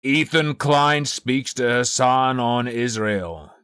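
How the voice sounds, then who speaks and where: A man's voice: mid-range voice, slow pace, fairly bright tone, smooth, no echo, studio quality. A man streaming live, chatting casually and thinking aloud in a rambling, profane way. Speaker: livestreamer.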